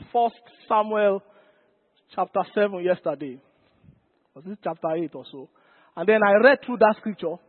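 A pastor preaches with emphasis and keeps calling out to his congregation. His voice sits very high for a man. The recording is thin and phone-like, with a long reverb trailing off each phrase. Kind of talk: sermon.

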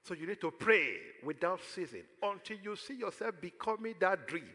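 A man's voice: sits high, expressive, moderate pace, pushed and bright, long reverb tail. A man with a Nigerian accent preaching a sermon as pastor, throwing questions out to the congregation for them to answer.

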